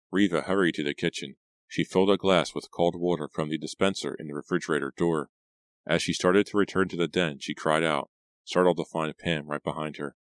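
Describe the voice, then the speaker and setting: A man narrating a teen thriller audiobook in a steady, suspenseful storytelling manner. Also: extremely low pitch, brisk, no echo, studio quality. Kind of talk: scripted narration.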